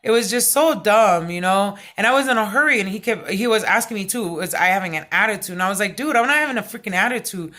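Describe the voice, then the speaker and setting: A middle-aged woman vlogging, telling a personal story in a loud, excitable way, full of fillers. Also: mid-range voice, quick pace, few pauses. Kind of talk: casual storytelling vlog.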